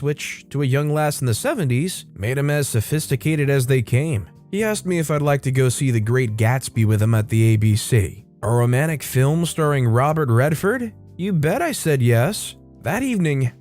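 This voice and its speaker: A man reading a first-person story aloud in scripted storytime narration, measured and expressive. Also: mid-range voice. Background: faint background music.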